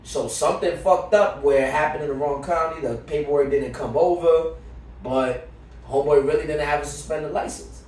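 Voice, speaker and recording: A man co-hosting a podcast, telling a story with lively, profane slang in casual chat. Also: on the high side, normal speed, echoey room, recorded from a distance, rough recording. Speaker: podcast co-host.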